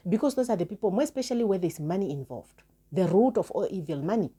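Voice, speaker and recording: A woman's voice: mid-range voice, lively intonation, fast talker, dark tone, husky. A woman vlogger giving an impassioned moral talk to her viewers, earnest and emphatic, repeating words for stress. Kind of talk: impassioned moral address to camera.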